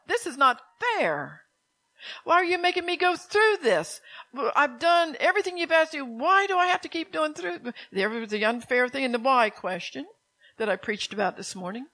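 A woman's voice: sits high, bright, forceful tone, poor audio. A woman pastor preaching a sermon to her church, emphatic and exhorting, repeating commands.

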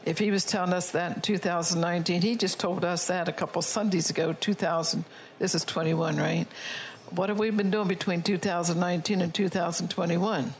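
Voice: mid-range voice, fairly even intonation, fairly quick, slight background noise, rough recording. A preacher delivering a sermon, reading prophecy and scripture aloud and checking in with the congregation. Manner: reads prophecy and scripture aloud, often checks in with "all right?".

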